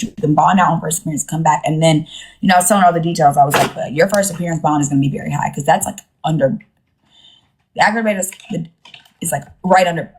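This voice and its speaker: A woman's voice: low voice, a little mellow, breathy edge. A young woman casually telling a rambling story to her live-stream viewers from her phone, slangy and acting out what others said. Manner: chatty and rambling, slangy, acts out quoted voices.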